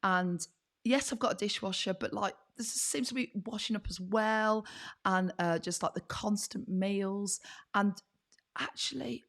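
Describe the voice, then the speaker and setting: Lady w a husky losing-it voice, chatty, laughs a lot, podcast co-host. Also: mid-range voice, unhurried, a bit bright. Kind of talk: casual chat.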